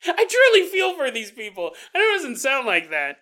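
Animated laughing male podcast host. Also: very high voice, normal speed. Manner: animated, laughing often, acting out quoted voices. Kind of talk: casual solo podcast monologue.

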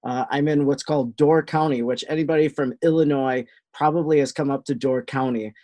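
Guy with a wisconsin accent, calm and explaining things, plain middle voice. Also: mid-range voice, a little fast. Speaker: guest. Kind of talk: casual interview answers.

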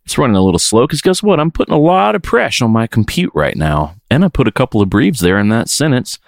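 A man's voice: mid-range voice, sing-song, quick pace, vocal fry, no room sound, clean studio sound. A man hosting a podcast, chatting in a playful, rambling way and reading out listener emails. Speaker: podcast host. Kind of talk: casual podcast chat.

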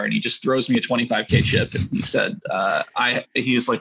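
A man's voice: medium pitch, steady tone, brisk, vocal fry, pushed and bright, slight background noise, low-quality recording. A man casually telling a rambling story about poker hands, full of fillers and self-deprecating asides. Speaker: poker player guest.

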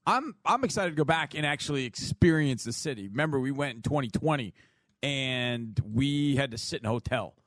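A man's voice: mid-range voice, expressive, fairly quick, fairly bright tone, dry recording. A man hosting a sports radio talk show, chatting casually and laughing easily. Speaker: host.

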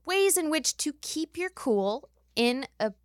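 A woman hosting a podcast in casual chat, chatty and quick to laugh. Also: high voice, big pitch swings, no echo, clean studio sound. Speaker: podcast host.

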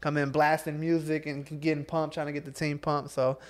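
Quick, flat-voiced man. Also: on the high side. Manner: quick, even, many fillers. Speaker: podcast guest, esports player. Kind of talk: casual chat.

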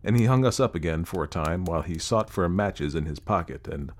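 A man with a low voice reads a classic story aloud in a measured, steady storytelling manner. The narration is calm and unhurried. He shifts easily between plain telling and the characters' speech. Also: background noise. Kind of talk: audiobook narration.

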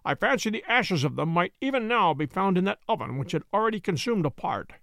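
A man voicing a calm, assured gentleman detective who speaks in a dry, measured, stern way, read from a storybook. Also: high voice, creaky, no room sound, full character voice. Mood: wry.

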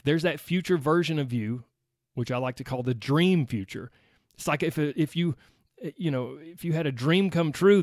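A man's voice: on the high side, dry recording, studio quality. A man with a Southern US accent hosting his own weight loss podcast, chatty and upbeat, talking straight to his listeners. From United States. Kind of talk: solo podcast monologue.

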